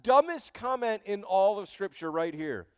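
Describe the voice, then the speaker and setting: High-voiced male pastor preaching. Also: normal speed, smooth, dry recording, clean studio sound, long reverb tail. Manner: animated, joking, addresses the congregation directly. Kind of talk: sermon. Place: church sanctuary.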